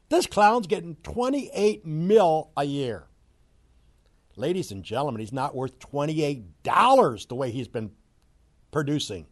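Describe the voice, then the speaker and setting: A middle-aged man delivers a fiery sports commentary rant. His slightly high voice swings wildly, dropping to sarcastic low mutters before bursting into mocking shouts. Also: sing-song, unhurried.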